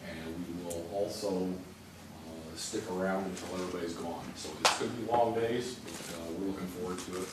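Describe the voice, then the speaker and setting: Congested man, low voice, casual briefing with lots of uh's, recorded from far off in an echoey room. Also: steady tone, normal speed, very noisy. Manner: conversational, frequent uh and um, restarts itself. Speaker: rail operations executive giving a briefing. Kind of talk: informal presentation at a public meeting. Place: large meeting room. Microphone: distant room mic.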